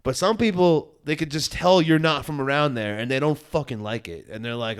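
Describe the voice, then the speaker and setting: A fairly high-voiced man tells road-trip stories on a podcast. He swears constantly, talks in an animated rush and slips into mocking put-on voices. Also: brisk, hardly any pauses, clean tone. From New York. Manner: profane, animated storytelling; puts on mocking voices in quotes. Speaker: podcast co-host. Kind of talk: casual chat.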